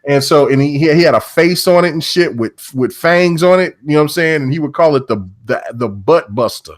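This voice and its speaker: A man's voice: a little high, fairly quick. A man hosting a casual podcast, telling stories with lots of swearing and stretched-out words. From Southwest United States. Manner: animated storytelling, heavy swearing, drawls for effect. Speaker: podcast host.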